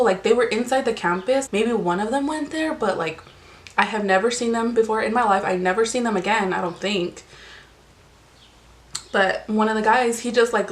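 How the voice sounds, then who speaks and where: A young woman vlogger telling a casual story over a meal, chatty and full of "like" fillers and swearing. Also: fairly high pitch. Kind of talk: casual storytime while eating.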